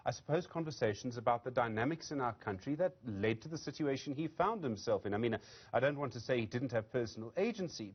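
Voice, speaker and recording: A man's voice: medium pitch, slightly rough, muffled recording. A man anchoring a news interview, speaking reflectively and hedging his points. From South Africa.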